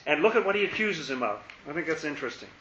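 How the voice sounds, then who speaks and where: Male Bible teacher, chatty and musing, lingers on phrases; tense bright voice. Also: on the high side, very animated, echoey room, dull audio, slight background noise. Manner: musing, repeats key phrases slowly for emphasis. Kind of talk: conversational Bible study.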